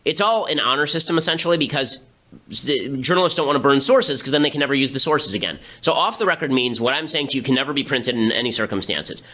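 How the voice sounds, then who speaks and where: A man hosting a political commentary show, talking fast with sarcastic, incredulous asides. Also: mid-range voice, lively intonation, pushed and bright. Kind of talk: rapid political commentary monologue.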